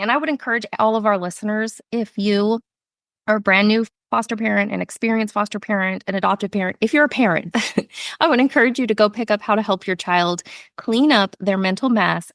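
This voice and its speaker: A woman hosting a podcast, speaking directly and encouragingly to her listeners. Her voice is mid-pitched and recorded dry and close. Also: fairly quick, a bit bright, no room sound. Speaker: podcast host. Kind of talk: interview chat.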